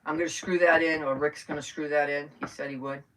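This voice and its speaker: A woman's voice: sits low, steady tone, brisk, noisy background. A middle-aged woman hosting a live crafting stream, chatting and thinking aloud as she works. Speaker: craft host. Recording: distant from the mic.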